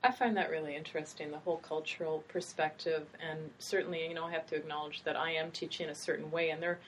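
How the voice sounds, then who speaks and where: A woman's voice: low voice, steady tone, fast talker, a little hiss or hum. A middle-aged woman who teaches writing, hosting a casual academic conversation in a thoughtful, meandering way with small hesitations. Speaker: writing instructor and host.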